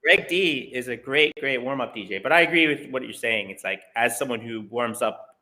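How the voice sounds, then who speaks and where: A man's voice: medium pitch, expressive, brisk, bright, forceful tone. A man hosting a casual livestream chat, laughing often, swearing casually and restarting his sentences. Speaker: podcast host.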